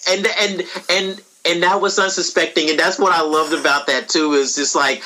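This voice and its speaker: A man co-hosting a casual podcast, excitable and laughing along while recapping scenes, a bit off-mic. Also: high-pitched, moderate pace, hardly any pauses, low-quality recording. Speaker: podcast co-host. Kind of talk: casual show review chat.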